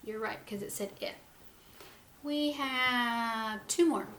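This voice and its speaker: A woman teaching a phonics lesson to young children, sounding out words letter by letter and gently encouraging them. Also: fairly high pitch, slow pace, a little hiss or hum. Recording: echoey room with faint ambience.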